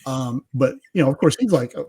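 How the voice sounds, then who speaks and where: A man's voice: medium pitch, expressive, a little fast, warm tone, slightly rough. A middle-aged man, a podcast guest, telling self-deprecating family stories in a casual interview, often laughing as he talks.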